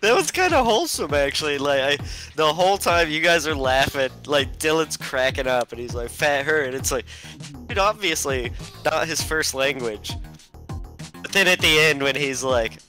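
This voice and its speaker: A man's voice: on the high side, animated, normal speed, sharp tone, faint music behind. A man co-hosting a casual meme reaction chat, laid-back and swearing freely. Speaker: meme video co-host.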